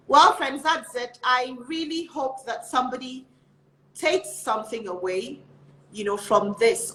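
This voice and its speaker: A woman's voice: fairly high pitch, fairly bright tone, a little hiss or hum. A woman hosting an interview show, wrapping up with encouraging words to her viewers. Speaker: host. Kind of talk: casual interview chat. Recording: echoey room.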